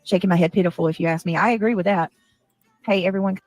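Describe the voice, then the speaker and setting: Fast-talking, heated woman ranting. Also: fairly low pitch, a little mellow, faint music behind. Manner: profane, heated, rambling. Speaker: livestreamer in a played clip. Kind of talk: angry livestream rant.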